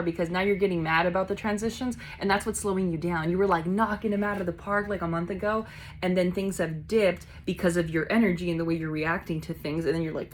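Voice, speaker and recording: A woman doing a casual tarot reading, chatty and blunt, swearing casually and acting out quick voices in her asides. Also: on the low side, fairly even intonation, slight background noise, rough recording. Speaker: tarot reader.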